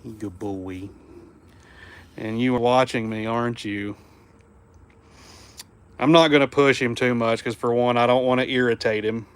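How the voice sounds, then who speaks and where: A man's voice: mid-range voice, steady tone, moderate pace, long pauses, clean tone. Easygoing Southern man chatting on a livestream. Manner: easygoing, drops to a hushed murmur around his dog. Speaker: livestream host. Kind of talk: casual livestream chat, reading viewer comments. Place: home room indoors.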